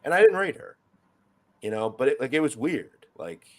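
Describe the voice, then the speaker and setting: A man's voice: mid-range voice, expressive, moderate pace. A man talking in a casual chat, reflective and conversational.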